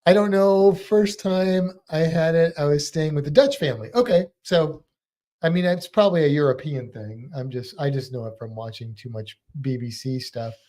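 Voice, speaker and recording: A man's voice: fairly high pitch, moderate pace, warm tone. An American man co-hosting a casual live stream, chatting and laughing as he answers viewer comments. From United States. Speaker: livestream co-host.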